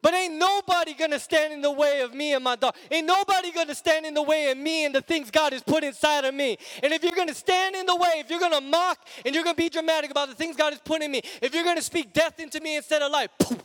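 A male preacher delivering an emphatic, repetitive sermon that builds to shouts. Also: extremely high pitch, quick pace, few pauses. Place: church sanctuary. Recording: long church reverb with music.

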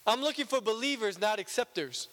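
A man's voice: sits high, animated, fairly quick, a bit bright, in a large hall. A male pastor preaching a conversational, joking sermon in a church, often checking in with "right?".

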